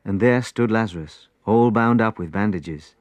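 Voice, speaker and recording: A man reading a storybook aloud, in an expressive, unhurried way. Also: fairly low pitch, faint music behind. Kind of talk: storybook narration.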